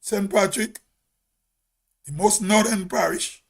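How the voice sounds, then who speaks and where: A man's voice: high voice, slow pace, creaky. A man with a Grenadian accent, hosting a casual monologue and speaking emphatically, repeating words for stress. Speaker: host.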